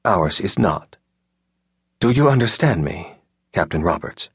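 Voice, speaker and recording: A male audiobook narrator voicing a senior admiral who speaks in a measured, apologetic but firm way, recorded dry in a studio. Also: low voice, expressive, husky, dry recording, heavily acted.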